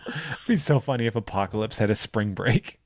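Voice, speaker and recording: Profane man recapping a movie. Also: on the low side. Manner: profane, animated retelling with quick impressions. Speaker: podcast co-host. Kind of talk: casual chat recapping a movie.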